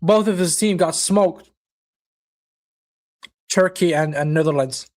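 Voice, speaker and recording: A man's voice: a little high, takes it slowly. A man hosting a live football watchalong, chatting casually, reacting to the match and viewers' comments, with occasional swearing. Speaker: watchalong host.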